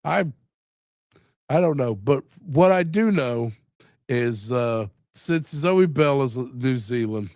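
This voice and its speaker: A man chats through his live stream in a slow, drawn-out way, joking and swearing as he goes. He sounds sick and worn out. The sound is close and dry, with no room behind it. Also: mid-range voice, expressive, a little mellow, no room sound. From Louisiana. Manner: rambling, joking, swearing, laughs often. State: sick and tired. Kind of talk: casual live-stream chat. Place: home room.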